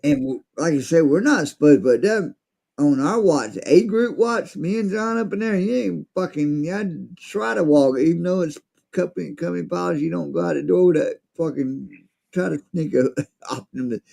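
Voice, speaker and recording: A man with a gravelly, dark voice tells a rambling story in casual chat. He swears freely and acts out the people in it. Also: a little high, normal speed. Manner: rambling, profane, acts out quotes.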